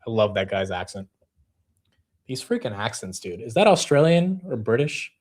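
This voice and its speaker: A man hosting a casual market livestream, excitable and joking, often jumping loud and quick. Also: medium pitch. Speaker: livestream host.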